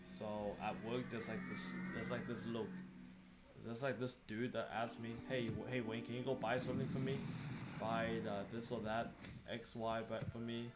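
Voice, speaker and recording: A man's voice: mid-range voice, flat delivery, normal speed, over loud music. Exasperated young man venting over gameplay. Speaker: gaming streamer. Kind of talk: casual gameplay commentary.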